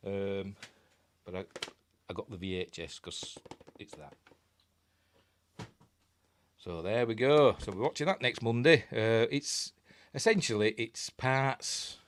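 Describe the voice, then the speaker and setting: Answering viewer comments on his relaxed film review stream, a man from Yorkshire rambles and chuckles in a fairly low voice. He takes it slowly and pauses often, with slight background noise.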